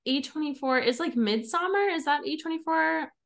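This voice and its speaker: A woman's voice: high voice, expressive, normal speed, vocal fry, a bit bright. A young woman hosting a podcast, chatting casually with friends and laughing often. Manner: giggly, chatty, many "like"s. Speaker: podcast host. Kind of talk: casual chat.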